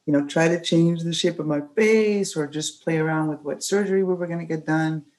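A woman's voice: sits low, fairly quick, darkish tone, low-quality recording. Earnest woman podcast host. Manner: earnest, emphatic, mother of children. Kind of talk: casual chat.

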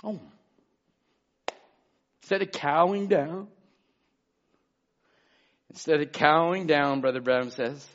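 Man, pastor preaching a sermon, high voice, shouts then hushed asides, muffled lo-fi sermon recording. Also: slow pace, pauses often. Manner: calls out congregation members by name.

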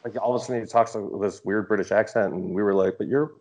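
Man, from Canada, deep low voice, casual chat, animated, profane. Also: fast talker, dull audio. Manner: swearing, animated storytelling. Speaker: podcast guest, author.

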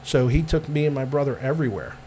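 A middle-aged American man, president of an Italian-American club, rambles as a guest in a casual interview, full of fillers and restarts and frequent laughter. He talks fast, with a warm, mid-range voice and lively intonation, over a slight hiss or hum.

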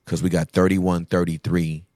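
A man talking as a podcast guest, telling emphatic, animated stories in casual conversation. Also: sits low, moderate pace, no room sound, studio quality.

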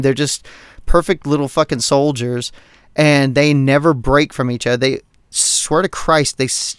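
A man co-hosting a podcast, ranting about politics in a heated, profane, animated way. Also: mid-range voice, smooth, no room sound, studio quality. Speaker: podcast co-host. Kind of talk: casual political rant.

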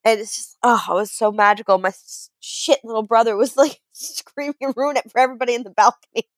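A woman with a fairly high voice chats casually and tells stories with lively energy. She acts out quoted voices and laughs through them, and the recording is close and dry. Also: fast talker, no room sound. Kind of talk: casual chat.

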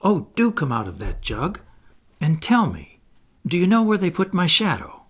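Brief: proud, sharp-tongued boy in a storybook reading, lifted pitch, husky, voiced by a male reader. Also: wildly swooping pitch, moderate pace, exaggerated voice. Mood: calling. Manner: sharp, indignant, cocky. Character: boastful proud young boy who won't grow up.

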